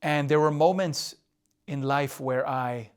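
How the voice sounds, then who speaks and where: A relationship coach with a smooth, mid-range voice speaks slowly, giving husbands casual advice in a candid, confessional way. He often asks "right?" and repeats himself while drawing on a board.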